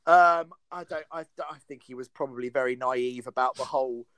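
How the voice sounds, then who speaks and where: A man co-hosting a casual podcast chat, brisk and teasing. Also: mid-range voice, a bit bright, clean tone, no room sound. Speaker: podcast co-host.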